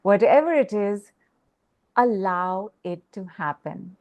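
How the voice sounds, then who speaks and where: A woman coaching a group call, guiding a slow exercise and repeating affirmations. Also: mid-range voice, expressive, narrow, tinny audio. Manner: slow, repetitive, instructive.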